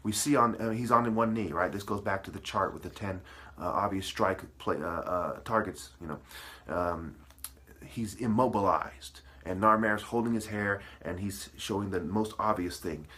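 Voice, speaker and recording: Low-voiced man in a profane rant. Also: moderate pace, bright, forceful tone. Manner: aggressive, profane, preachy; breaks words into syllables. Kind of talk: ranting monologue.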